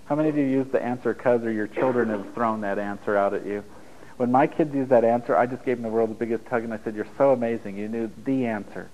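A man's voice: medium pitch, fast, darkish tone, lo-fi sound, a little hiss or hum. A middle-aged man giving an informal spiritual talk to a live audience, rambling and joking as he goes, often laughing at his own lines. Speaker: spiritual teacher.

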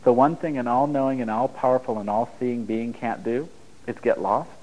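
A middle-aged man at a mid-pitched, everyday register speaks to a room full of listeners. He talks in a loose, rambling way, jokes and chuckles at himself, and drifts between stories and points like a relaxed spiritual teacher. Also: moderate pace, poor audio. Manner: rambling, joking, laughs at his own lines. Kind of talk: informal spiritual talk to an audience. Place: room with a live audience.

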